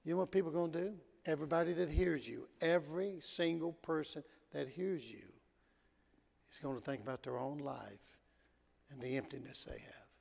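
A man preaching in a church sanctuary, his raised, gravelly voice carrying a long reverb tail. He tells stories and swings from forceful emphasis down to hushed asides. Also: fairly high pitch, normal speed. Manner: storytelling, swinging from loud emphasis to quiet asides. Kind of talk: sermon.

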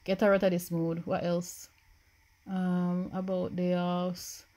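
Young jamaican woman chatting through her game, jumpy and loud then hushed. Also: on the low side, takes it slowly. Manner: animated, swings from anxious murmurs to shrieks. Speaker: gaming YouTuber. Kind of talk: game commentary.

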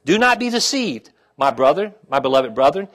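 A middle-aged male pastor preaching a sermon, checking in with the congregation with "okay?" and "amen?" and dropping to a quiet, heartfelt tone when he talks about his own trials. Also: a little high, big pitch swings, moderate pace.

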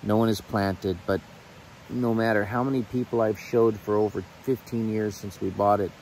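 A middle-aged man speaking outdoors on rural land, praying and then talking to his viewers in an earnest, emotional way with pauses and restarts. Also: lowish voice, fairly even intonation, a little mellow, slight background noise, poor audio. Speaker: channel host. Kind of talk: heartfelt prayer and casual talk to camera.

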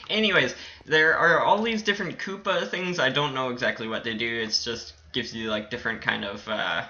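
A man's voice: mid-range voice, moderate pace, few pauses, sharp tone, dull audio. A man giving casual commentary while playing a game, rambling with many fillers and giggling and squealing with delight. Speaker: gaming channel host.

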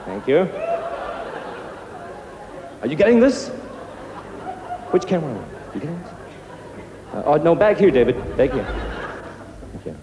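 A man's voice: fairly high pitch, very animated, measured pace, pauses often, roomy sound, lo-fi sound, a crowd in the background, noisy background. An actor playing a greedy, cruel male TV preacher who mocks his flock in a sketch comedy. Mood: gloating. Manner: scornful, mocking, preaching. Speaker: televangelist.

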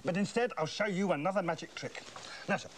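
A man's voice: high-pitched, quick pace, a little hiss or hum. A man playing a pompous, bumbling salesman in a slapstick children's comedy, with showy patter and chanted magic words. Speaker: comic visiting salesman.

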